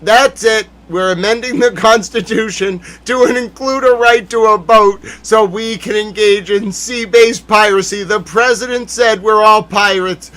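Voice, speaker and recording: Man from the US, high voice, livestream host, excitable, laughing, mock-serious comedic rants. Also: unhurried, hardly any pauses. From United States. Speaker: livestream news recap host.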